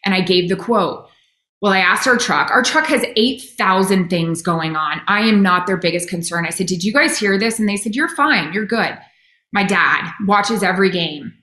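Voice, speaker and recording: A middle-aged woman who works as a sideline reporter, telling animated, self-deprecating stories in a casual interview, talking in quick bursts with restarts. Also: medium pitch. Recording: roomy echo.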